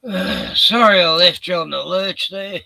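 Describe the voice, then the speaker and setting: An older man co-hosting a casual live-stream chat, short of breath and halting, with many fillers. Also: high voice, vocal fry, pushed and bright, no echo, low-quality recording. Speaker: show co-host.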